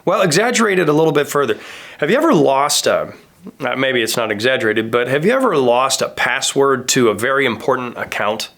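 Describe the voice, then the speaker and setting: A pastor in his thirties gives a conversational sermon, telling stories casually and acting out the people he quotes. His voice is medium in pitch, a bit bright, and a little fast.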